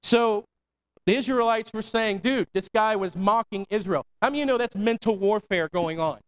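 This pastor's voice is high-pitched, clear and resonant, moving at normal speed. He preaches in a casual, slang-filled way, repeating "come on" and punctuating lines with "amen" in call-and-response fashion.

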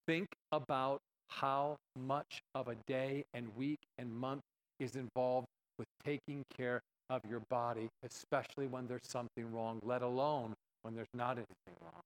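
A man's voice: medium pitch, fairly even intonation, normal speed, low-quality recording. A man preaching a sermon, telling a story and acting out both sides of the dialogue with animation.

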